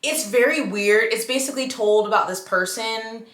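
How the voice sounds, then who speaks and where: A woman's voice: on the high side, moderate pace, fairly bright tone, echoey room. A woman chatting casually to camera about books, frank and given to exaggerated reactions, recorded in a room at home. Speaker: book reviewer.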